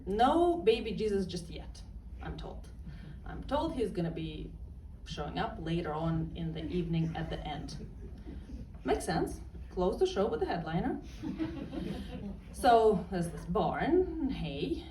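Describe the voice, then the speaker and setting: A woman telling a personal story in a wry, deadpan comic way. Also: mid-range voice, slight background noise. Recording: roomy and distant with faint ambience.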